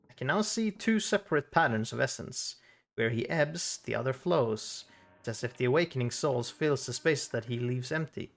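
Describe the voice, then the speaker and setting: A man's voice: mid-range voice, lively intonation, normal speed, creaky. Brief: a man reading an eager scholar woman from a game, urging and clinical. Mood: urgent curiosity. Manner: reading game dialogue aloud. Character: brisk female scholar studying a soul.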